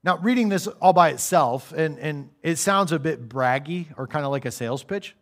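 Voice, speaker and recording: A man preaching a sermon in a church, conversational, acting out little voices and dropping quiet for serious points. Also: fairly high pitch, expressive, brisk, few pauses.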